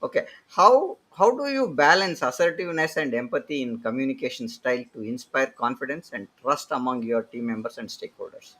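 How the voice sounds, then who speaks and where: A man's voice: medium pitch, animated, a little fast, hardly any pauses, pushed and bright, low-quality recording. A man moderating a leadership panel, summarizing the guest's points and asking follow-up questions. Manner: summarizing, then posing questions. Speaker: panel host. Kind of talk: moderating a discussion.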